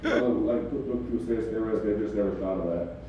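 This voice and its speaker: A man's voice: lowish voice, fast, muffled recording, a little hiss or hum. A man doing a stand-up comedy set in a club, laid-back and swearing casually, chuckling at his own jokes. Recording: echoey club recorded from far off.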